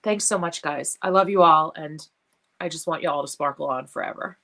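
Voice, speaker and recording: A woman hosting a casual live stream for her followers, emotional and tearful, speaking in a heartfelt, halting way with many pauses and fillers. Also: low voice, pushed and bright. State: tearful, has been crying. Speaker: jewelry business live-stream host.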